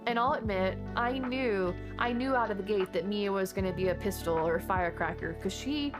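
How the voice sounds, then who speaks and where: A woman streamer chats loosely and at length, drifting between her game and stories while answering viewers. Her talk wanders with restarts and asides. Chill music plays clearly under her voice. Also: medium pitch, a little fast. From Texas. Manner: chatty, rambling, reads and answers chat. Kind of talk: casual game stream chat. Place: home desk. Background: background music.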